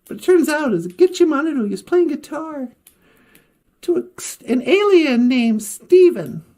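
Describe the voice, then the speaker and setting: Lady telling a story on a stream, rambly, laughs, kinda dark mellow voice. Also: sits high, expressive, unhurried. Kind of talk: casual storytelling on a livestream.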